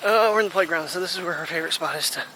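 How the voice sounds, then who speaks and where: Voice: medium pitch, racing, bright, forceful tone, rough recording. Chatty vlogger walking a dog outdoors. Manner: chatty, talks to the puppy in a playful voice. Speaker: daily vlogger. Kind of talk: casual vlog chat while walking a dog. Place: outdoors in a breezy park playground. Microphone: phone camera. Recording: outdoor recording with clear background noise. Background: wind and leaves, passing vehicles.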